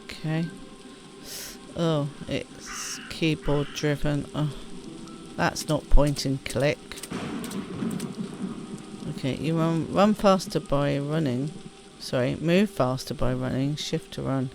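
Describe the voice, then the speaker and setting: This woman streams a game as casual let's-play commentary, her low voice slow as she reads on-screen text aloud and pokes fun at herself. The background is noisy, with her voice over clear game music.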